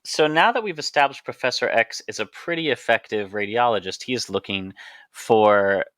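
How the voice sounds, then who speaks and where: A man co-hosting a medical podcast, laying out ideas in a steady, playful explanatory way. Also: lowish voice, normal speed, no echo. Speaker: podcast co-host, physician. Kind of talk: casual podcast chat.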